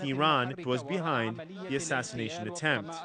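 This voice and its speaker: A male reporter reading a scripted news voice-over in a measured, formal way. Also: mid-range voice, crowd noise.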